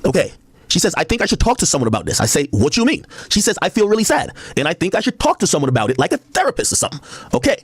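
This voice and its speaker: A man talks at a racing clip in a husky, dry-sounding voice, and his pitch swings widely as he reads text messages aloud. He breaks off the quotes with blunt asides on a heated livestream. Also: very animated, racing, no room sound. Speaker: streamer reading out text messages.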